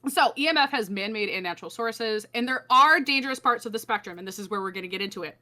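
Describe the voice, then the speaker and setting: A young adult podcast co-host talks quickly in a medium-pitched, pushed, bright voice. The show is casual and comedic, and she's sarcastic and sweary, often laughing mid-sentence.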